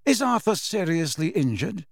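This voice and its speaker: Casting: man doing an elderly wizard headmaster, slow and quiet, grave and composed, lifted pitch, dry close sound, storybook reading. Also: sing-song, vocal fry, no room sound, heavily acted. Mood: calm, grave.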